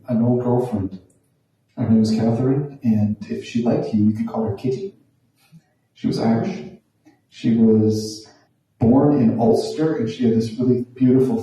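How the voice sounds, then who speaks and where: On a small stage in a small theatre room, a man in his forties tells a wry, self-deprecating stand-up story in a conversational way. His voice is mid-range and warm. The recording is very echoey and captured from a distance.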